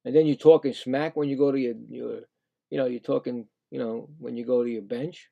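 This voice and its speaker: A man giving casual, excitable play-by-play of a hockey game, indignant and rambling with frequent restarts. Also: medium pitch, a little fast, gravelly, highs cut off. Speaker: live play-by-play streamer.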